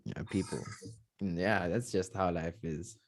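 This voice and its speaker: Animated podcast host. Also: male voice, sits low, takes it slowly, no echo, clean studio sound. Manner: animated storytelling with slang and laughter. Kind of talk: casual chat.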